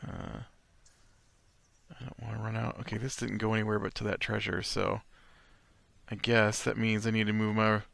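A man's voice: lowish voice, little pitch movement, normal speed, gravelly, long pauses, fairly bright tone, no echo. A man hosting a let's play, giving casual gameplay commentary in a chatty way, reacting aloud to the game and laughing often.

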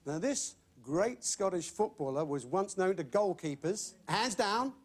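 A man's voice: high-pitched, animated, unhurried. A man hosting a television game show, with chirpy, jokey patter and repeated catchphrases in front of a live audience. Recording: old broadcast recording with audience.

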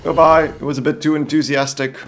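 In a fairly high, flat voice delivered a little fast, a Belgian man narrates a let's-play in character, playfully gallant and theatrical with comedic outbursts. There is slight background noise.

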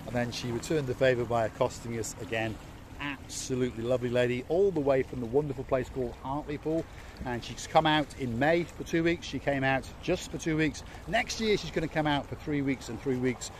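A man at an ordinary middle pitch hosts an outdoor walking tour along a seaside promenade. He talks in a playful, jokey way and likes to repeat words for emphasis. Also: slight background noise. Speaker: vlog host and tour guide.

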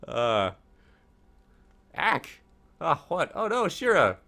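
A man's voice: a little high, huge pitch swings, slow, gravelly, sharp tone. A young man hosting a let's play, reading the game's text aloud and adding wry, casual asides. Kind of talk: casual gaming commentary.

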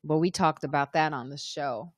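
A woman's voice: sits low, normal speed, slightly rough, no room sound, studio quality. A woman hosting a casual live-stream chat, chatting loosely and reading out viewer comments as they come in. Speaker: podcast host.

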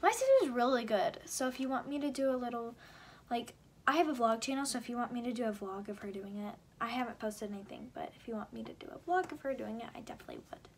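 There's slight background noise as a young Indiana vlogger fields questions in a casual video. She talks quickly in a fairly high, sing-song voice, chatty and giggly and using many fillers.

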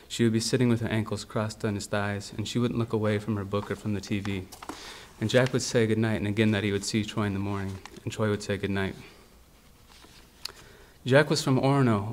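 A man from the United States reading his own literary fiction aloud in a steady, measured way. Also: on the low side. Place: university library event.

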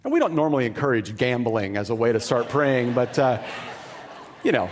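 A man's voice: mid-range voice, very animated, fairly quick, in a large hall, slight background noise. A man preaching a sermon, telling a story in a conversational way with easygoing asides. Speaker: pastor.

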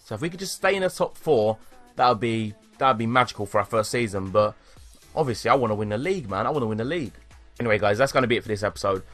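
A young British man commentating live on his own football video game, excitable and swearing at the play. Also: lowish voice, racing, faint music behind. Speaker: gaming YouTuber.

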